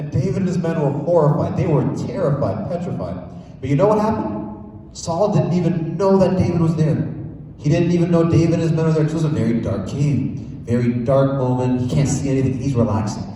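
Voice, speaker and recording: Young male youth leader, playful, mellow higher voice, far mic in a big hall. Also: fairly quick, a little hiss or hum. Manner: animated, playful. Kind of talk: Bible lesson for kids.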